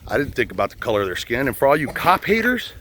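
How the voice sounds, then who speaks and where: An older man, a retired police officer, talks bluntly and swears freely. His speech swings widely up and down in pitch, and faint outdoor noise sits behind him as he rants from a boat in a swamp. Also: big pitch swings, quick pace, bright, forceful tone. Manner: blunt, profane and heated. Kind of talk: outdoor rant.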